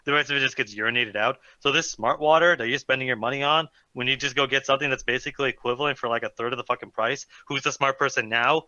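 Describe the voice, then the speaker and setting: A man's voice: medium pitch, fairly even intonation, fast, few pauses, pushed and bright, no echo. A man co-hosting a casual gaming podcast, ranting sarcastically and swearing. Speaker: podcast co-host. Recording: dull dry lo-fi mic.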